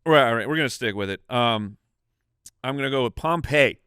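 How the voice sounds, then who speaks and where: A man's voice: medium pitch, animated, fairly quick, bright, forceful tone, a little hiss or hum. A man co-hosting a comedy podcast, chatting casually and hunting for words as he makes his picks. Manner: hesitant, searching for words. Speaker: podcast co-host.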